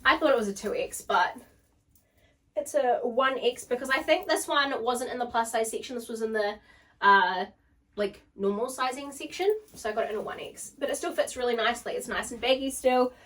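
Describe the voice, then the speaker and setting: Brief: young woman vlogger, bubbly and chatty, a touch high, recorded from across the room. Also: brisk, fairly bright tone, far from the mic. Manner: bubbly, gushing, full of "like". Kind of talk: casual try-on haul chat.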